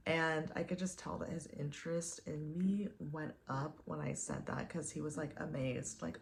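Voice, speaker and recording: A woman's voice: sits low, steady tone, moderate pace, creaky, hardly any pauses, a little hiss or hum. A young woman telling a dating story casually, chatty and full of "like" fillers. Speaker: vlogger.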